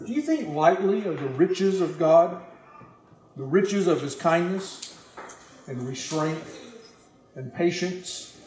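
High-voiced earnest male preacher. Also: lively intonation, slow, long pauses, darkish tone, reverberant, a little hiss or hum, rough recording. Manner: earnest, emphatic, addresses the congregation directly. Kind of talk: sermon with scripture reading.

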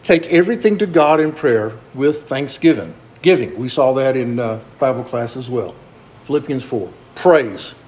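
A man's voice: mid-range voice, animated, moderate pace, a little mellow. A man preaching a conversational sermon, asking the congregation earnest rhetorical questions.

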